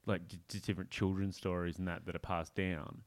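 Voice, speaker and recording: A man with an Australian accent hosting a podcast, talking in a relaxed way with many fillers. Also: deep voice, no room sound. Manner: relaxed, drawn-out, hesitant with fillers. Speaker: podcast host. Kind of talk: casual podcast chat.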